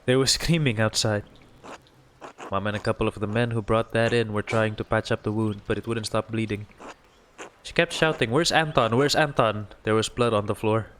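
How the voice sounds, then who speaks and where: Man voicing young woman, caring daughter, earnest reading, low-pitched, faint noise. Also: fairly even intonation, normal speed, fairly bright tone, close to an everyday voice.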